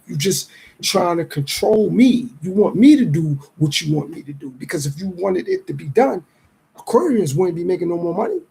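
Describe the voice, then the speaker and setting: Casting: male podcast host, middle-aged, high-pitched, dark and raspy tone, streetwise musing. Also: low-quality recording. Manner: reflective, streetwise, acts out others' lines in quick voices. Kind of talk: casual podcast monologue.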